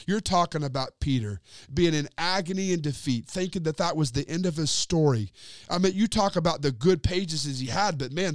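A man preaching a sermon and retelling a scripture story, talking straight to his listeners and letting his sentences sink to low, quiet endings. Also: no echo, clean studio sound. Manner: addresses listeners directly as friends.

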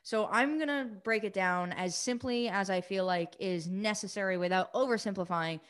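A woman recovery coach hosting a live coaching session, talking quickly and eagerly, greeting viewers by name. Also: mid-range voice, smooth. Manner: fast, excited, energetic delivery.

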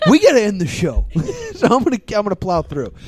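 A podcast host running a live show, rushing through plugs with jokes and self-corrections. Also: mid-range voice, wildly swooping pitch, darkish tone, slight background noise. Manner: hurried, scattered, jokey. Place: live comedy venue.

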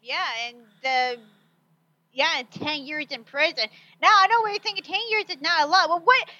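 High, bright-voiced woman on a lo-fi call. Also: normal speed, no room sound. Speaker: podcast co-host. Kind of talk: casual chat.

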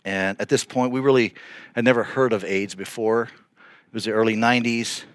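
A middle-aged male pastor telling a story in a sermon, earnest and animated, with frequent restarts. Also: lowish voice, normal speed, no room sound, studio quality.

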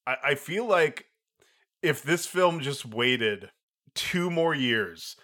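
Bright-voiced man thinking aloud. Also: mid-range voice, expressive. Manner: thoughtful, halting, restarts mid-thought. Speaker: podcast co-host. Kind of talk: casual film review chat.

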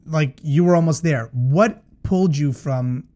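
A man's voice: a little high, measured pace, mellow. A man hosting a talk show, interviewing a guest with supportive questions and frequent affirming murmurs. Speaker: show host.

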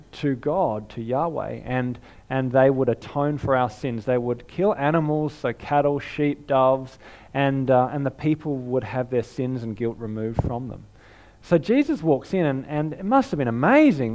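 A man preaching a sermon, telling a story in an animated way that swings from hushed to shouting. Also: mid-range voice. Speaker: pastor.

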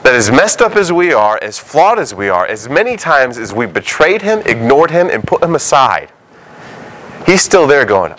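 A male pastor delivers a sermon in a lively, swooping voice of middling pitch. He keeps it conversational and slips into short acted-out quotes as he goes. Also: moderate pace, a little hiss or hum, poor audio.

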